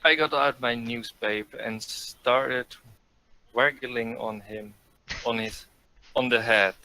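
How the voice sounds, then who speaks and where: A teenage man reading a fanfic aloud with a reluctant, halting delivery. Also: medium pitch, steady tone, sharp tone, poor audio. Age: teens.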